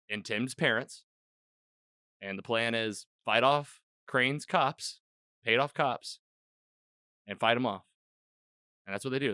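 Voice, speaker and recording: A man hosts a podcast and chats loosely through an episode recap, slipping into the characters' lines as he goes. His voice is bright and forceful, sitting at an ordinary pitch. The recording is close and dry, with no room sound. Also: no room sound. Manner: loose and rambling, acts out quoted lines, lots of "like". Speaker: podcast host. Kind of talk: casual chat recapping an episode. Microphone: own podcast microphone.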